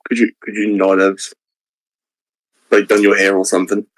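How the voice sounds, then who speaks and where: A man's voice: fairly low pitch, flat delivery, normal speed, poor audio. A man bantering on a stream, blunt and crude as he trash-talks his friend.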